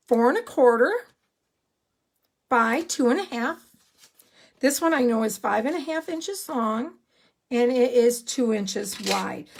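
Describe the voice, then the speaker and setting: Brief: high-pitched woman, excitable crafting demonstrator, chatty and rambling, live from an indoor craft room. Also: breathy edge. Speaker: card-making demonstrator.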